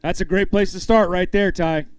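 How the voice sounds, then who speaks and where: A smooth, high-pitched man speaks at normal speed in a steady tone, with no room sound. He's the emcee at a fishing weigh-in, calling up anglers, reading weights, and upbeat in joking with and hyping each one.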